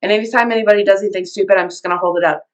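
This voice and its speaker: A woman's voice: medium pitch, racing. A woman co-hosting a casual podcast, talking bluntly with lots of swearing. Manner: blunt, profane, animated. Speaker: podcast co-host. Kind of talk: casual profane banter.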